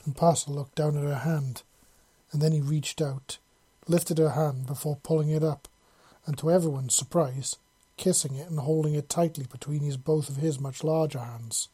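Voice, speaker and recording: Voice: mid-range voice, fairly even intonation, moderate pace, mellow, slightly rough. A narrator reading a fan fiction story aloud in a casual way, correcting slips as they go. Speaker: audiobook narrator.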